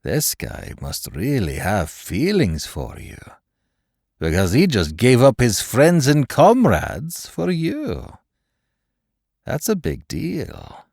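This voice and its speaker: A sadistic male interrogator speaks in a low, hushed, unhurried voice, as a narrator puts him on. He lingers on words with icy mockery. The audiobook sound is close and dry. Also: very animated, vocal fry, no room sound, exaggerated voice. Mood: mocking cruelty. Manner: cold, mocking, slow and menacing. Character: cold, sadistic male interrogator, middle-aged.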